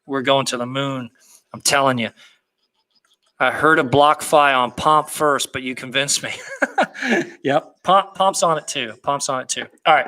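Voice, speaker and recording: A man's voice: medium pitch, pushed and bright. A man hosting a casual livestream, hyped and boastful, talking in slang and answering viewer comments.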